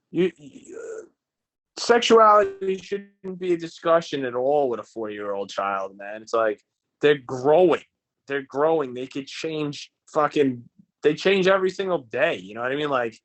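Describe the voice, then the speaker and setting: A man co-hosting a podcast in casual chat, ranting bluntly and swearing a lot. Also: a little high. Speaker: podcast co-host.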